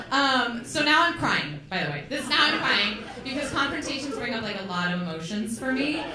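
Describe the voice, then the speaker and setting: A woman's voice: fairly high pitch, very animated, moderate pace, noisy background. A woman performing a chatty stand-up comedy set on a club stage, swearing and throwing in um fillers. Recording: echoey club with crowd laughter. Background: laughing audience.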